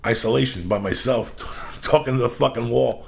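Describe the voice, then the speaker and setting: A male podcast host telling a profane, blunt, animated story. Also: mid-range voice, moderate pace, creaky, slightly rough.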